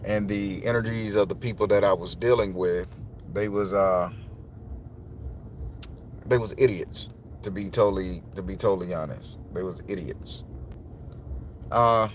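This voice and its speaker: A man's voice: low voice, unhurried, pauses often. A man ranting casually to his viewers, rambling with repeated restarts and plenty of swearing. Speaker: spiritual tarot vlogger. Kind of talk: casual profane rant to viewers. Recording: outdoor street noise with cars.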